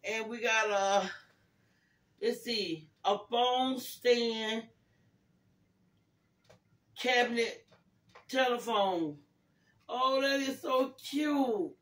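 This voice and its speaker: An older woman hosting a casual gift-opening vlog, thanking viewers warmly and praising God, calling everyone y'all. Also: fairly high pitch, very slow, pauses often. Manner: religious, praising God often; grateful, calls viewers y'all. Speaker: vlogger. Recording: echoey room, far from mic, faint noise.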